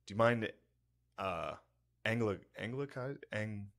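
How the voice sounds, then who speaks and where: A man in relaxed podcast banter, telling rambling stories full of curses and "dude". His voice sits a little low for a man. He chats easily with his co-host. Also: a little slow. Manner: loose, profane storytelling with frequent "dude". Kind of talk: casual chat.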